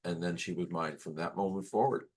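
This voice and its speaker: A man's voice: sits low, fairly quick. Candid rambling middle-aged man. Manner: candid, rambling, emotional, swears freely. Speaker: podcast co-host. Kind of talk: casual storytelling chat.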